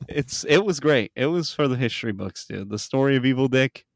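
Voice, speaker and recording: In a dry recording, a man with a mid-range voice hosts a podcast and animatedly retells a reality show in casual conversation. He swears plenty and raises his voice to act out the quotes.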